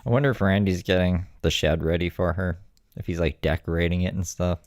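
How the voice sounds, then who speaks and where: Deep dry-voiced mocking man. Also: fairly even intonation, fairly quick, darkish tone, dry recording. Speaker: commentator reacting to clips. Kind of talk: reaction commentary.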